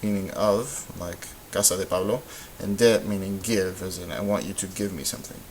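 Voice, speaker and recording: Low-voiced man explaining grammar. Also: normal speed, low-quality recording. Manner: relaxed explaining with many ums and uhs. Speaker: Spanish teacher. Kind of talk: recorded lesson voice-over. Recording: faint hiss.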